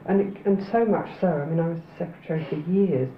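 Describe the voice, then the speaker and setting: A woman's voice: fairly low pitch, fast talker, reverberant, phone-quality sound, slight background noise. A woman telling a wry anecdote from her working life in a documentary conversation. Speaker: interviewee.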